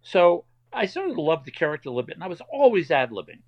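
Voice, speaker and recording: An older man, a voice actor guest, telling animated anecdotes in a casual interview and slipping into playful voices. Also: on the high side, fast talker, no echo. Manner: animated storyteller who slips into playful voices. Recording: dry, dull lo-fi sound.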